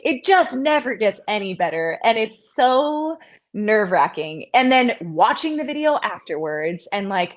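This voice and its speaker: A woman who competes in CrossFit chats casually as an interview guest, speaking at a moderate pace. She's animated and pokes fun at herself, putting on a higher voice whenever she acts out a quote.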